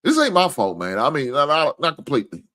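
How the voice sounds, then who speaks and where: A tired man with a drawl rambles through a casual sports talk stream. His pitch swings widely as he cusses and jokes with his chat. He sounds loose and unscripted. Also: huge pitch swings, fast talker, pushed and bright. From Kentucky. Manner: rambling, profane, laughing and joking with chat.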